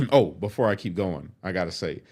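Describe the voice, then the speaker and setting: Man, lowish voice, animated, swears freely, tells his own story casually. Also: moderate pace, gravelly, husky. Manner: profane, animated, acts out quotes.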